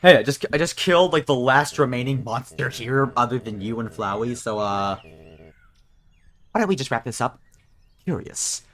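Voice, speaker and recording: A man's voice: mid-range voice, normal speed, a bit bright. A man giving casual, joking let's play commentary over a video game, rambling and self-mocking. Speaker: gaming video creator.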